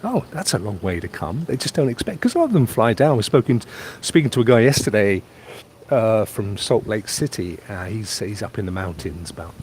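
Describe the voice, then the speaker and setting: A man's voice: lowish voice, animated, fairly quick, a little mellow, slight background noise. A man from England chatting casually on a live stream from a holiday pool, reading out viewer comments and rambling about his trip. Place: outdoors by a private pool on holiday.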